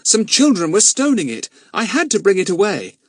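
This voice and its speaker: A man voicing a kind, firm boy who loves animals, in an earnest, gentle way. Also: sits high, huge pitch swings, normal speed, no echo, studio quality, voice pushed up, exaggerated voice.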